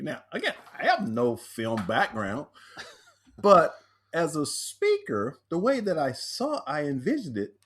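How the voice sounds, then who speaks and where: Animated, lively-pitched man telling stories. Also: unhurried. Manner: animated storyteller acting out quoted voices. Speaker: guest, speaker and author. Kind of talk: storytelling in a podcast interview.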